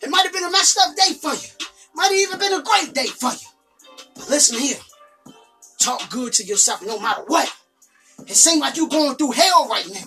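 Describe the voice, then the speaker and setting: A high-pitched, bright woman delivers a motivational monologue with emphatic repetition and sudden shouts. Her voice sits some distance from the mic. Soft music plays faintly behind her. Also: expressive, normal speed, pauses often. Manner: emphatic, repeats lines, bursts into shouting. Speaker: motivational speaker.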